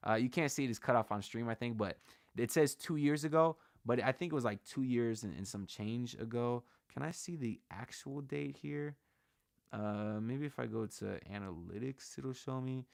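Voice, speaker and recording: A man's voice: mid-range voice, normal speed, creaky, darkish tone, dry recording, studio quality. Slangy, hyped man on a livestream. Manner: loose, slangy, hyped, talks to chat. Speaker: host of a sports channel livestream. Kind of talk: casual livestream chat. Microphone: shotgun mic on camera.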